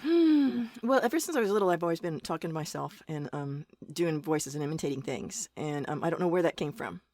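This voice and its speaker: Chatty fast-talking woman voice actor. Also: sits low, lively intonation, a little mellow, dry recording, studio quality. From Ohio, USA. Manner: rambling, chatty, laughs at herself. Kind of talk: casual interview chat.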